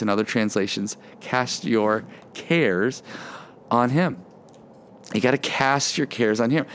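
A man preaching a sermon outdoors in the wind, earnest and repeating words as he acts out quoted voices. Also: mid-range voice. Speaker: pastor. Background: wind noise.

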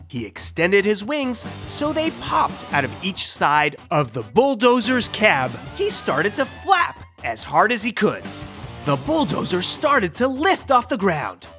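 A woman narrating a children's storybook in an expressive, animated read-aloud manner. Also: medium pitch, unhurried, faint music behind.

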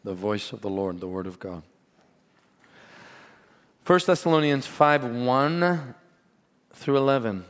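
A man preaching a sermon as pastor, earnest and animated, mixing stories and asides with scripture. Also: medium pitch, slow, long pauses. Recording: long hall reverb.

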